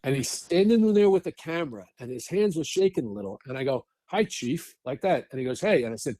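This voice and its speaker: A man's voice: mid-range voice, expressive, fast, dark tone, no room sound. A middle-aged man, telling stories bluntly as a podcast guest, with frequent restarts and swearing. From New York. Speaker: guest, actor and firefighter. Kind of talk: casual podcast interview.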